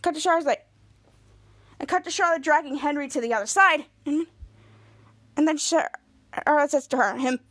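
A woman with a high voice casually recaps a TV episode on her podcast. She retells the scenes in long chains of "and then," and often breaks off to restart a sentence. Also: normal speed, long pauses, a bit bright. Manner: retells scenes with frequent restarts and quoted lines. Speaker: podcast host.

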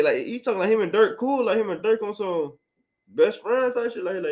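A man's voice: high voice, big pitch swings, brisk, rough recording. A young man hosting his own podcast, talking in a slangy, rambling way and often repeating himself. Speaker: podcast host. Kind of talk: casual solo podcast rant.

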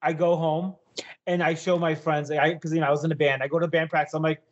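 High-voiced man telling a wild story. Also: fast talker, dull audio. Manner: animated, swearing, acts out quotes in a shouting high voice. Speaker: podcast co-host. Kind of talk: casual storytelling chat.

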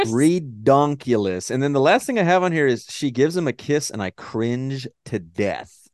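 A man from Texas with a Texan accent, co-hosting a casual movie-review podcast and ranting in a profane, animated way. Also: medium pitch, moderate pace, no echo, studio quality. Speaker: podcast co-host.

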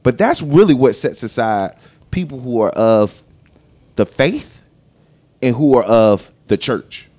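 A man's voice: mid-range voice, animated, takes it slowly, long pauses, a little mellow. A man on a casual podcast, reflecting emphatically on a serious point. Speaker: podcast co-host.

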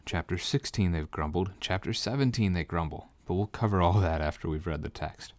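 Male Bible teacher with a very low voice and a dry sound. He explains step by step. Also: brisk, no echo. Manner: explanatory, walks listeners through details step by step. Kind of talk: conversational Bible study teaching.

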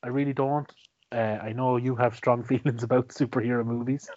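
A man's voice: mid-range voice, steady tone, a little fast, a little mellow, lo-fi sound. A man casually chatting about his favourite movies as a co-host. He laughs often, restarts his sentences and swears. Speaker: podcast co-host.

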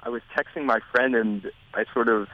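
A man calling into a radio show, sheepish and relaxed. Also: medium pitch, brisk, no echo. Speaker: caller. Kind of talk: casual interview. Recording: dull lo-fi remote line.

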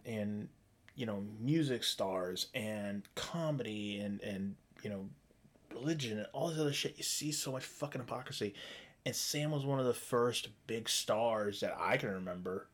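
A man delivering a profane, heated monologue as a podcast host, sarcastic and mocking others in put-on voices. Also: mid-range voice. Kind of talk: ranting monologue.

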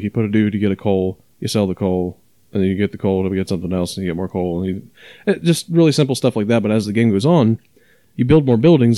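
A man with a mellow, warm voice chats on a podcast in a dry, close sound. He explains at length, circling back with fillers and restarts as he goes. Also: lowish voice, no echo. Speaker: podcast co-host. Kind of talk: casual podcast chat.

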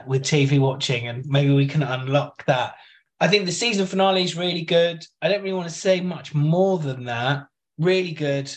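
A man co-hosting a casual TV podcast, with dry jokes between his opinions. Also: mid-range voice. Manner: dry, joking. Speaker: podcast co-host. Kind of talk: casual chat.

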